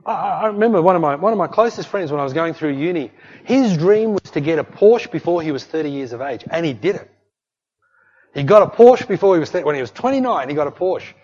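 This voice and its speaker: Emphatic preacher in a reverberant hall. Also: male voice, fairly high pitch, animated, fast, a little mellow. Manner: emphatic preaching with repeated "hey" and "don't fret". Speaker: pastor. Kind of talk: sermon. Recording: long hall reverb, dull lo-fi sound.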